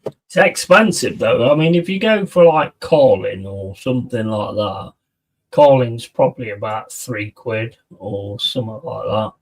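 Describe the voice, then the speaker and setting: A man talks loosely to his stream audience, swearing often and reacting to chat as it comes in. His voice sits at an ordinary middle pitch. He sounds a little back from the microphone. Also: animated, a little slow, far from the mic, a little hiss or hum. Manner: swears a lot, chatty, reacts to viewers' messages. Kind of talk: casual live-stream chat.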